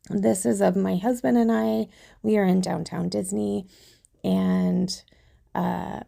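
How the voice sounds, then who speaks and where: A woman with a hoarse, husky voice from a cold, chatting casually as she walks through a craft project in her tutorial video. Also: medium pitch, mellow. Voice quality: gravelly, husky. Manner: chatty, self-deprecating. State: hoarse from illness.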